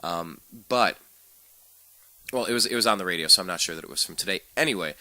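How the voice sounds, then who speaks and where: A man hosting a political talk show, opinionated and ranting, with many quick restarts. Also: low-pitched, bright, forceful tone, no room sound.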